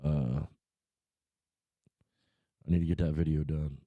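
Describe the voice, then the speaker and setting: Deep-voiced man ranting, swearing freely. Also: fairly even intonation, slow pace, no room sound, narrow, tinny audio. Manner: profane, rambling, worked-up ranting. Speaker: livestream host. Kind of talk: casual rant and chat to viewers. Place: home room.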